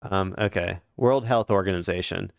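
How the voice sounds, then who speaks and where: Rambling low-voiced male streamer. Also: normal speed, vocal fry, no echo, clean studio sound. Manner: rambling, hesitant, many fillers and restarts. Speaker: streamer and news commentator. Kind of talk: casual live news commentary.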